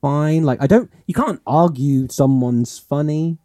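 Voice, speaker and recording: A man's voice: fairly high pitch, a little slow, warm tone, no room sound, studio quality. A man co-hosting a podcast in casual chat, rambling and musing with lots of fillers. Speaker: podcast co-host.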